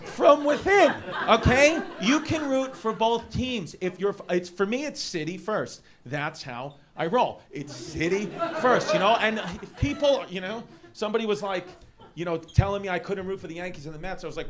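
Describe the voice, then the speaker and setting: A man with a thick New York accent rants through a stand-up set, fast, loud and rambling, his voice sitting high for a man. He is recorded live in a comedy club, with a big crowd roaring and laughing behind him. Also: animated. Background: laughing audience.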